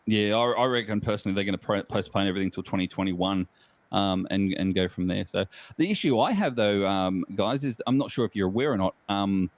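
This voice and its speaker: A man's voice: lowish voice, brisk, dry recording. A man from Australia with an Australian accent, chatting as a guest in a casual online group chat, rambling and jokey with frequent laughs. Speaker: guest geocacher.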